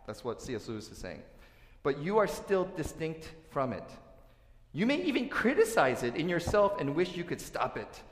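A man preaching a sermon as pastor, earnest, dropping to soft asides and then rising to loud, emphatic points. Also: mid-range voice. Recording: echoey hall with long reverb.

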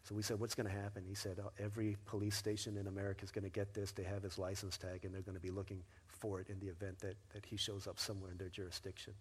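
A pastor telling a family story from the pulpit in an easygoing, conversational manner. His voice sits fairly low and has a husky edge. The sound carries a long reverb from a big church hall. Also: level tone, rapid-fire, few pauses. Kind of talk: sermon with personal story. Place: church sanctuary.

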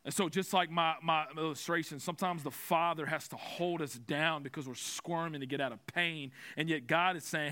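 A man's voice: a little high, steady tone, normal speed, few pauses, pushed and bright, clean tone. A young man preaching a sermon, telling a personal story with self-mocking humor before turning to scripture.

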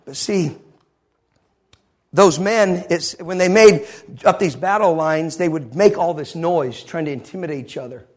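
A male pastor preaching a sermon, telling a story with animated energy and acting out the scenes. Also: a little high, unhurried.

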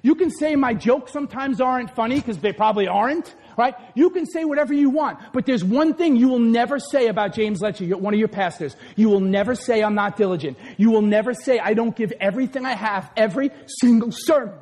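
A man preaching a sermon as pastor, loud and passionate, swinging between shouts and quieter asides. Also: very high voice, fairly quick, hardly any pauses. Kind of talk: energetic sermon. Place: large hall or church. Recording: echoey hall.

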